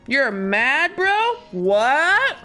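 Brief: chatty woman game streamer, lively and bright. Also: high-pitched, drawn-out words, soft background music. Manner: chatty and giggly, reading game text aloud. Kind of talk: let's play commentary.

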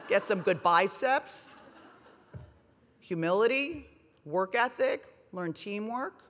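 A woman in her forties giving a comedic speech at a gala, wry and self-deprecating, with lively delivery. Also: medium pitch, takes it slowly, long reverb tail. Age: 40s. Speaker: speaker. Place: large hotel ballroom on stage.

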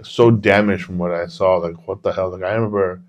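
A man's voice: deep voice, fairly even intonation, fairly quick. A man co-hosting a podcast, telling a long personal story in a rambling, casual way and swearing freely. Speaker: podcast co-host. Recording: dull lo-fi podcast audio.

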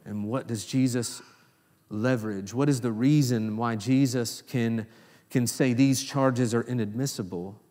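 A man preaching a sermon as pastor, swinging between hushed low lines and raised, emphatic exclamations. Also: fairly even intonation, unhurried. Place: church sanctuary. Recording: long reverb in a church hall.

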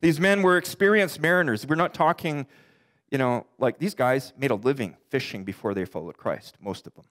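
A middle-aged pastor preaching a sermon earnestly, his voice climbing for emphasis and sinking low for the darker points. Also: fairly bright tone. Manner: earnest preaching, rising and dropping in pitch for emphasis; quotes scripture in slow deliberate voice.

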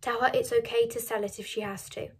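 A tired middle-aged father speaking low and firm, giving orders in a husky hush, as a woman puts him on. His voice is raised a touch and breathy. It comes from a storybook read aloud. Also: steady tone, fast talker. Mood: hushed urgent. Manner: low and hushed, firm instructions. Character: worn-out middle-aged father, calm and urgent.

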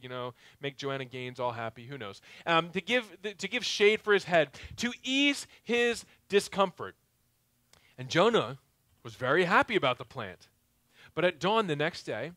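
A male pastor preaching a sermon in a conversational way, with joking asides, swinging between loud and quiet. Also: sits high, no room sound.

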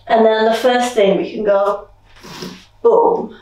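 A young woman dance teacher thinking aloud as she choreographs, counting beats with vocal sounds like boom and dum. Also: steady tone, takes it slowly, pauses often, warm tone, a little hiss or hum. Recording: roomy echo, mic at a distance.

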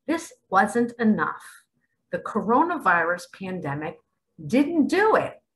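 A woman's voice: medium pitch, big pitch swings, takes it slowly, fairly bright tone, rough recording. A middle-aged woman giving impassioned spiritual commentary, emphatic and dramatic, sometimes dropping to a whisper. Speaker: spiritual vlogger.

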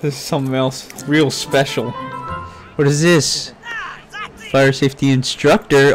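Over soft background music, a man with a mid-range voice speaks unhurriedly as he plays. The gaming YouTuber fills his Let's Play with profanity, constantly swearing and scolding his game character.

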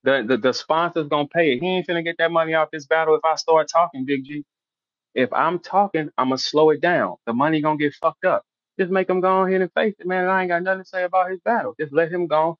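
A middle-aged man hosting a casual interview, loudly calling out a rival with brash, repetitive trash talk. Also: a little high, no room sound. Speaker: host. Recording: dull, dry lo-fi sound.

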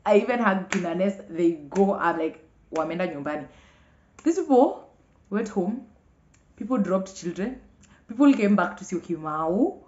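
A young Kenyan woman telling a personal story to camera, animated and acting out what others said. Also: moderate pace, pauses often. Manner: animated, acts out others' lines with big pitch jumps. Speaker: vlogger. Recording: echoey room, muffled lo-fi sound.

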